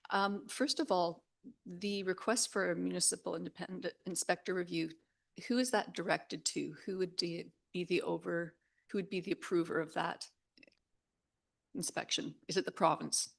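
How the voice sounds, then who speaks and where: A woman city councillor asking questions at a council meeting in a halting way. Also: on the low side, vocal fry.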